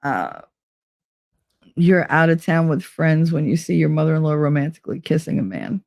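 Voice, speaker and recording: Casually running through online quizzes on stream, this young adult woman is blunt, funny and heavy on profanity. Her low, darkish voice is expressive with vocal fry, at normal speed and with no echo.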